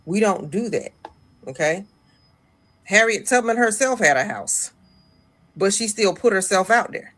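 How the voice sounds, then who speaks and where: A woman's voice: medium pitch, lively intonation, a little slow, pauses often, a bit bright. A woman in an online clip speaking insistently, lecturing her listeners. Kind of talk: online video commentary.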